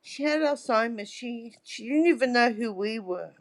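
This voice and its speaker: A middle-aged woman with a fairly high, expressive voice talks at a normal speed as an interview guest. The conversation is casual, and she spins chatty stories, frequently adding "right?"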